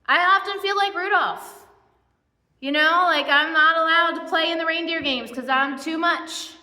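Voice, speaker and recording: A woman's voice: very high-pitched, moderate pace, bright, forceful tone. A woman pastor giving a casual, conversational sermon, chatty and self-deprecating with many asides. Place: church. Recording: echoey church hall with long reverb.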